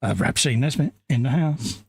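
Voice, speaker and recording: Gravelly, husky man chatting on a stream. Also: medium pitch, normal speed, no room sound. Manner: jokey, self-mocking, acts out quoted voices. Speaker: live stream co-host. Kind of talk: casual chat.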